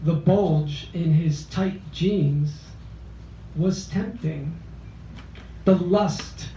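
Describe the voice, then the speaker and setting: Slow, high-voiced older poet from Philadelphia. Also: male voice, mellow, highs cut off, a little hiss or hum. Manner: measured, deliberate storytelling. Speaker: open mic poet. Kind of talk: poetry reading of a memoir piece. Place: cafe open mic. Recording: roomy, distant cafe mic.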